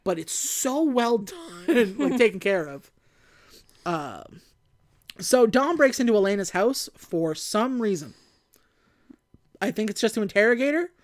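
A woman's voice: medium pitch, very animated, measured pace, long pauses. A woman co-hosting a casual podcast, recapping a movie and acting out its lines in mock voices. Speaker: podcast co-host.

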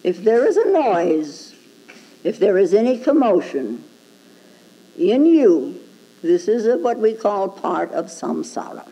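A woman's voice: mid-range voice, very animated, slow, mellow, husky, rough recording. A woman Zen teacher giving a dharma talk, prodding her listeners with rhetorical "hmm?" questions and chuckling at her own points.

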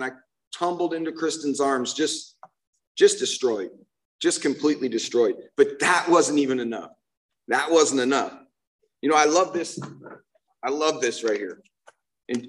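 A man's voice: fairly high pitch, a bit bright. A man sharing his personal recovery story at a meeting, earnest and emotional, often restarting his sentences and saying "man, you know what I mean.".

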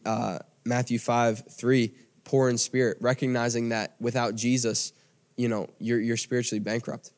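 Man, American accent, podcast sermon, earnest, repeats himself, medium pitch. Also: darkish tone. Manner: earnest, repeats phrases, frequent restarts. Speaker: pastor.

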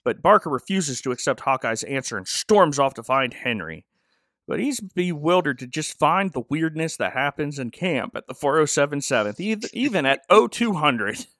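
A man's voice: on the high side, animated, moderate pace, a bit bright, dry recording, studio quality. A man casually recapping a TV episode with joking, rambling asides. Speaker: podcast host.

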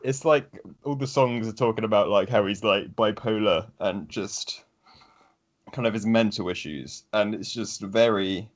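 A man's voice: on the low side, unhurried. A man chatting as a podcast guest, talking eagerly and rambling with lots of fillers. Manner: enthusiastic, rambling with many fillers. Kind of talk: casual chat.

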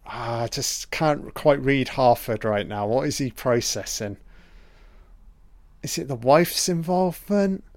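A man talking over a film as it runs, reacting out loud, swearing freely and excitably. His voice is smooth and resonant at a middle pitch, and it sounds close and dry, with no room echo. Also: a little slow. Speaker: film commentator. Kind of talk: casual live reaction commentary.

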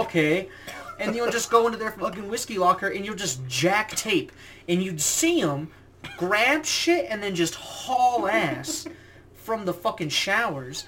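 Young male podcast co-host, slightly higher voice, animated and profane storyteller, faint background hiss. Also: normal speed. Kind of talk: casual chat, storytelling.

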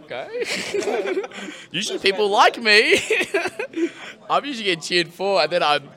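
A man on a live podcast, recounting a match in animated, laughing banter. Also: high voice, normal speed. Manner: animated, laughing, acts out crowd reactions. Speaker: podcast co-host.

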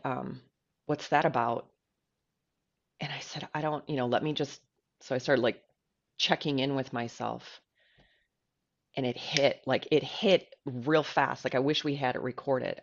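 On a personal podcast she co-hosts, a woman with a rumbling low, gravelly voice talks about herself in a candid, emotional way, peppering her speech with "like." The recording is muffled.

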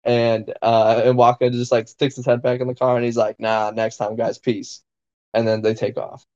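A man's voice: mid-range voice, a little fast, highs cut off. A man on a podcast telling a wild story in casual chat, swearing a lot and piling on fillers. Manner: profane, excitable storyteller, lots of fillers. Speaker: podcast co-host.

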